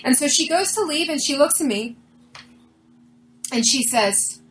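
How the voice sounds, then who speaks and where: A woman with a fairly high voice tells an interviewer a personal story in an earnest, animated way. She often acts out what people said to her. A faint hum runs behind her voice. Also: measured pace, poor audio. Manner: earnest, animated retelling with quoted dialogue. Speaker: interview guest.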